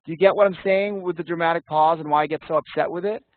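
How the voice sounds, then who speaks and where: A man's voice: a little high, steady tone, fast, dry recording. A man teaching an interview prep class online, talking casually and bluntly, swearing now and then and calling on students by name. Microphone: video call. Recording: tinny dry call audio.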